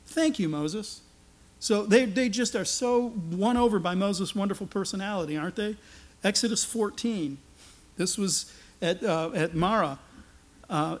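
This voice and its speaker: A man preaching a sermon, animated and sarcastic, acting out the lines he quotes. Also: high-pitched, moderate pace. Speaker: pastor.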